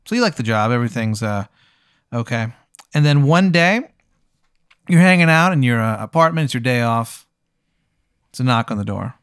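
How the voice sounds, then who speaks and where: A man's voice: mid-range voice, expressive, normal speed, long pauses, fairly bright tone, clean tone, no echo. A man hosting, improvising a comedic story in a rambling way, full of "like" fillers. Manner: rambling, heavy use of "like" fillers, laughs while talking. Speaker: host and game runner.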